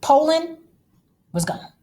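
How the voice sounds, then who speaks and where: A woman teacher giving a recorded history lecture, lively and dramatic, speaking straight to her students. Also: sits high, slow pace.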